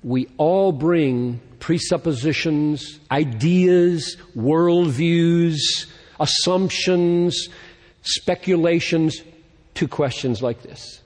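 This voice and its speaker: A man preaching a sermon in an earnest tone, his voice rising and growing louder as he reads scripture. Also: on the high side, extremely slow, long reverb tail. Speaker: pastor.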